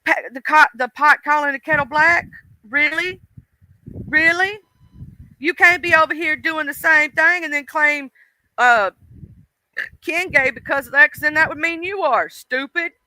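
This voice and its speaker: A man hosting a livestream, chatting and gossiping in a dishy, animated way. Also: very high voice, normal speed, dry recording, rough recording. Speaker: livestream host. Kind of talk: casual livestream gossip chat.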